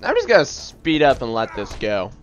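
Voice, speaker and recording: A man's voice: medium pitch, huge pitch swings, moderate pace, muffled recording, slight background noise. Chatty joking man narrating gameplay. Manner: chatty, joking, self-mocking. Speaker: let's-play host. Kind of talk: casual gaming commentary.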